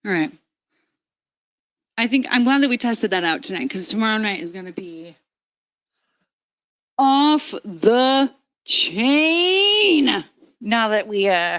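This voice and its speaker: A woman's voice: medium pitch, no echo. A woman hosting a casual livestream chat, rambling and swearing offhandedly as she talks into a handheld karaoke microphone. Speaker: livestream host.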